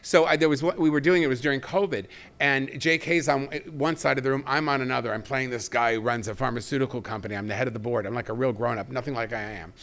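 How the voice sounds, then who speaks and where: A man in his fifties, a guest actor and comedian, telling stories on a talk show in an animated, self-mocking way. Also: medium pitch, fast. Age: 50s. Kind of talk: casual talk show interview.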